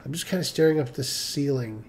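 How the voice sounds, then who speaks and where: A middle-aged man hosts a live stream, telling a personal story in a loose, rambling way. His voice is warm and mellow, and he often repeats himself. He briefly mimics the people he quotes. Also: medium pitch, fast talker. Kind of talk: casual storytelling.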